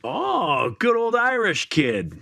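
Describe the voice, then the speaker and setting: Bright-voiced joking male podcast host. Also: sits high, huge pitch swings, slow pace, gravelly, no room sound, clean studio sound. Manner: jokey, riffing on names, playful. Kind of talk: casual chat.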